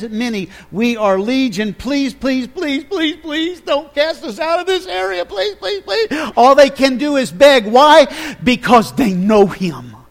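A male preacher delivering a sermon, telling the story with lively energy and asking his listeners questions. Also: high-pitched. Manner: animated storytelling, asks the audience questions.

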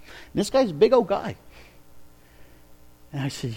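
Male preacher, a touch high-pitched, storytelling sermon that dips to a hush and rises to emphatic calls. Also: lively intonation, moderate pace, creaky, long pauses. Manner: dramatic storytelling, drops to a hush for quotes, builds to emphatic preaching. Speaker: pastor.

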